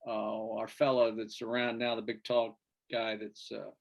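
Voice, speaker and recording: A man's voice: on the low side, completely flat delivery, measured pace, vocal fry. A man co-hosting a casual sports chat show, rambling through stories and searching for names with fillers. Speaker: podcast co-host.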